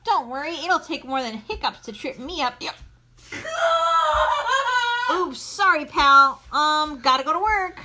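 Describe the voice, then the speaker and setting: A woman's voice: sits high, lively intonation, measured pace, pauses often, background noise. A woman voicing a cheerful, eager young male sea sponge with hiccups in a storybook comic reading. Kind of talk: storybook comic read-aloud.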